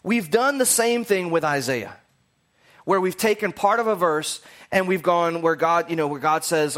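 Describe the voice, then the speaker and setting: A man with a notably high voice gives a casual, conversational sermon. He rambles through his points and slips in jokey asides along the way. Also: moderate pace, a bit bright.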